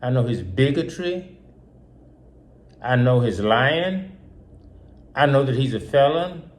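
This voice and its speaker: A man's voice: mid-range voice, lively intonation, takes it slowly. A man hosting his own show, talking through an emotional political monologue that is full of repetition and rhetorical questions. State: upset. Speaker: host.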